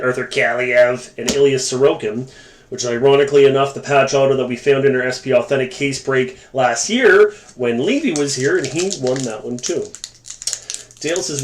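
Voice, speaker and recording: A man hosting a live sports card break, calling out cards and joking with viewers in the chat. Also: mid-range voice. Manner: chatty, joking asides to viewers. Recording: echoey room with faint noise.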